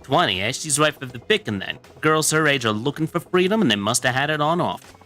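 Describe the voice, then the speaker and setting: A man's voice: fairly high pitch, expressive, a little fast, sharp tone, faint music behind. A man doing a swaggering one-eyed thug with a Boston-style accent. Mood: brash. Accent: Boston-style put-on.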